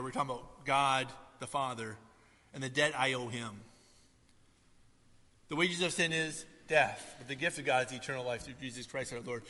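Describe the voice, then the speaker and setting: A man preaching a sermon to a congregation, swinging between loud emphasis and soft asides. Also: fairly high pitch, big-room sound. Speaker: pastor.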